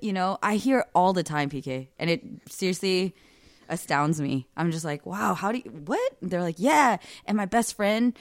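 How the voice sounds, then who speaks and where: A woman's voice: lowish voice, no room sound, clean studio sound. A woman in a casual chat who talks with enthusiasm and laughs often.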